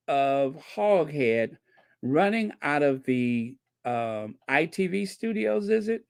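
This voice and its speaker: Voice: mid-range voice, sing-song, slow pace, vocal fry, no echo. A channel host giving commentary on viewer comments, emphatic and repeating key points for effect.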